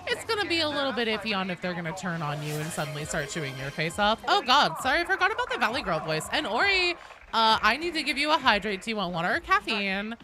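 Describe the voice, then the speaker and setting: A gaming streamer chatting casually with viewers, reading chat aloud and deliberately speaking higher to avoid vocal fry. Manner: chatty, reads and answers chat; talks in a raised pitch on purpose to avoid vocal fry. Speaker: gaming livestream host.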